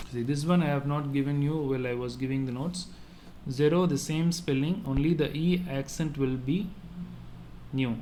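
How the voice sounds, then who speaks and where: A man's voice: mid-range voice, a little mellow, slight background noise. A man teaching a French lesson to school pupils, repeating each word several times and explaining patiently. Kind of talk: online classroom lesson.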